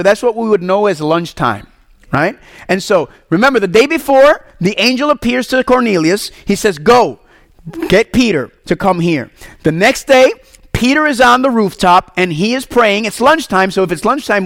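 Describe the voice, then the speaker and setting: High-voiced animated Puerto Rican-born preacher man. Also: no echo. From Puerto Rico. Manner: animated, asks the congregation questions. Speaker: pastor. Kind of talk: sermon.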